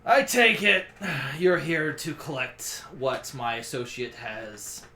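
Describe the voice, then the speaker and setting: A man voicing a weary old male orc warrior who speaks in a low, tired and measured way. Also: a bit bright, slight background noise. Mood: dry. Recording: echoey room.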